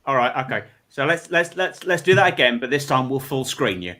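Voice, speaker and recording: A man's voice: medium pitch, animated, a little fast, sharp tone, a little hiss or hum. A man hosting a live online comedy panel show, teasing the panel and poking fun at himself, often repeating his words.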